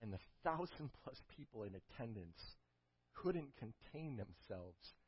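A man preaching a sermon, telling a story with emphatic build-ups and closing in a quiet prayer, on a dull lo-fi recording. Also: mid-range voice, very animated, unhurried, breathy edge, dry recording. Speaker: pastor.

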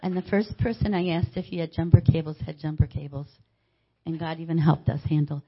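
Older lady with a really low voice telling her faith story, acting out everyone's lines, kinda muffled lo-fi sound. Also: brisk. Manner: animated storytelling, acting out what others said. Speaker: church member giving a testimony. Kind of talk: personal faith testimony told as a story. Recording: dull lo-fi recording.

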